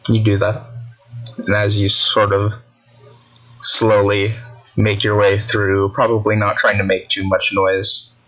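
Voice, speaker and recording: A man runs a tabletop game, setting an eerie scene. His voice sits low and he takes his time with each phrase, drawing out the atmosphere. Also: completely flat delivery, a bit bright, poor audio. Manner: slow, deliberate, atmospheric narration. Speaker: game master.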